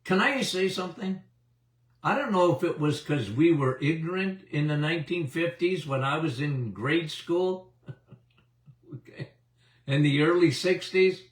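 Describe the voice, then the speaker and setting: A man's voice: a little high, animated, unhurried. A man in his seventies, a doctor hosting a health talk, speaking emphatically with repetitions and chuckles. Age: 70s. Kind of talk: animated health talk to an audience. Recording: roomy, distant mic.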